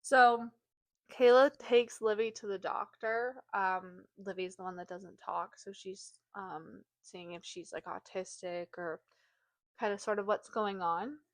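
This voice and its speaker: A woman with a mid-range voice co-hosts a book podcast, retelling a plot at an unhurried pace with no room sound. She's chatty and leans heavily on "like" and other fillers, getting animated whenever she acts out quotes.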